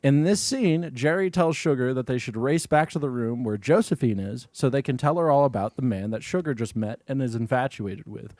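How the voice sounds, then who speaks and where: A man's voice: mid-range voice, brisk, hardly any pauses, a little mellow, dry recording, studio quality. A man co-hosting a film podcast, retelling a plot casually with lots of swearing and laughter. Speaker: podcast co-host.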